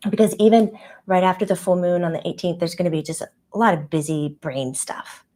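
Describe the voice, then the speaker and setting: A woman's voice: fairly low pitch, fairly even intonation, fairly quick, dark tone, natural voice. A woman channeling a playful, childlike spirit guide who speaks in a chatty, rambling way with frequent giggles and fillers.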